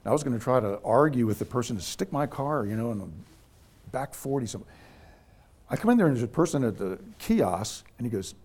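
A man's voice: medium pitch, brisk. A middle-aged man, a pastor, telling a personal story in a casual way and acting out the people he quotes. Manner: animated anecdote teller, voices quoted people.

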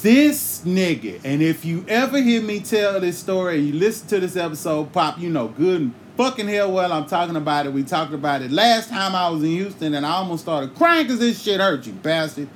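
Lively profane male storyteller. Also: high-pitched, fairly quick, hardly any pauses, slight background noise. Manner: profane, animated, with sung asides. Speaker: podcast host. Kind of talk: comic storytelling.

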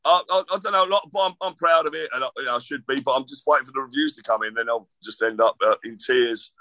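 A man's voice: medium pitch, quick pace, sharp tone, dry recording. A middle-aged man, a guest author rambling through casual chat with self-deprecating jokes.

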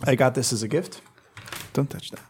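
A man's voice: mid-range voice, normal speed, a little hiss or hum. A man hosting a casual chat, curious and teasing, asking many short questions.

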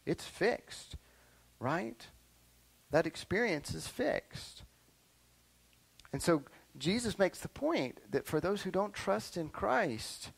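Man, middle-aged, pastor, lively sermon, slightly high-pitched. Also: gravelly, poor audio. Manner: animated preaching with frequent "right?" and "okay?" check-ins. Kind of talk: sermon to children and youth.

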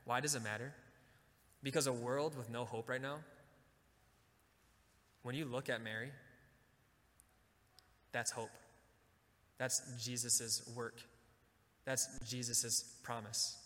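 A man giving a Catholic talk, leading the audience to repeat lines after him and slowing down for emphasis. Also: mid-range voice, in a large hall. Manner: slows and drops to a soft, quiet voice for emphasis. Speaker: Catholic speaker. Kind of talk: sermon talk with call-and-response.

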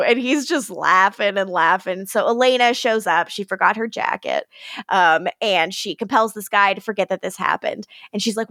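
A woman's voice: mid-range voice, normal speed, a bit bright, no echo, studio quality. A woman co-hosting a podcast, casually recapping a TV episode, laughing often and swearing freely.

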